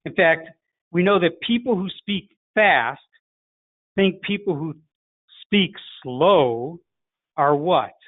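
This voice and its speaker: Here the Chicago man's voice sits on the high side and sounds animated, moving slowly with long pauses. The middle-aged coach, Chicago accent and all, runs a direct sales lesson and acts out how to greet callers. Audio is tinny and phone-like, dry with no echo.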